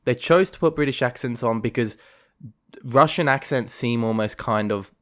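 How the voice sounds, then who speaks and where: A man's voice: medium pitch, normal speed. A man co-hosting a podcast, chatting casually about a film, rambling with fillers and restarts. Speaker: podcast co-host.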